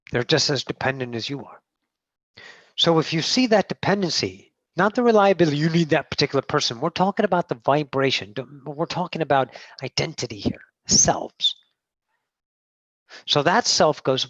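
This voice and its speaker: A woman's voice: deep voice, no room sound. Woman channeler, profane and emphatic teaching style, dull dry video call audio. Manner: addresses listeners as masters.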